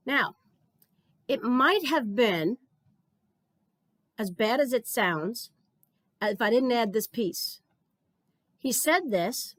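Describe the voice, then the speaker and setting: A woman's voice: a little high, lively intonation, takes it slowly, pauses often, a bit bright, no echo. A middle-aged woman giving an earnest conference keynote, telling stories and often repeating words as she starts a thought. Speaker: keynote speaker.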